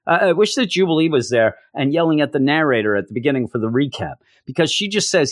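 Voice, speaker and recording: A man's voice: fairly high pitch, expressive, fast talker, no room sound, studio quality. A man casually recapping a comic issue with sarcastic, rambling commentary and frequent stammered restarts. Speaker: comic book podcast host.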